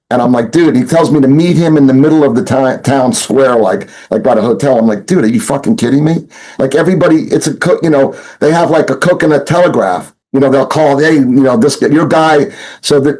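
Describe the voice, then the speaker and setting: A man's voice: mid-range voice, darkish tone, poor audio. A man telling his story in a casual interview, rambling with many restarts and fillers and acting out what people said. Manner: rambling, full of fillers and restarts, acts out quotes. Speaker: interview guest, former smuggler turned informant.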